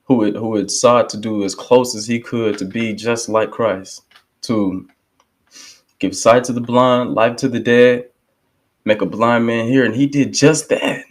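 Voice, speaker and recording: A man's voice: mid-range voice, steady tone, measured pace. A man hosting a reaction video, talking casually and emphatically with fervent bursts. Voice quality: conversational, emphatic, lapses into quoting others. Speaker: channel host reacting to a speech.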